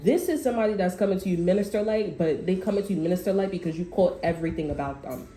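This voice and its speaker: A tarot reader talks to camera in a fairly low, dark voice with lively intonation, going fast with hardly any pauses. Her casual reading is blunt, profane, and packed with fillers, recorded with a roomy echo and faint background noise.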